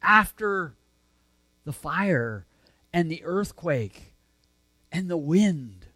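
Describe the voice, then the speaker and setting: A man preaching a sermon, earnest and conversational, swinging between emphatic lines and soft, hushed ones. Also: on the high side, lively intonation, drawn-out words, pauses often. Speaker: pastor.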